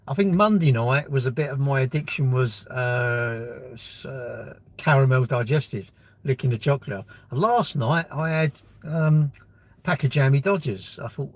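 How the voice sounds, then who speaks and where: Husky man rambling on a live stream. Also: fairly high pitch, sing-song, normal speed, no room sound. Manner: rambling, blunt banter with swearing, answers chat comments. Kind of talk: casual live-stream chat.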